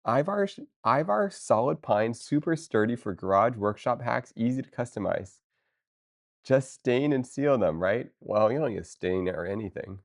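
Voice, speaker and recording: A woman chatting casually with her viewers on a live stream, excitable and playful, talking straight to chat. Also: extremely low pitch, normal speed. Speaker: livestreamer.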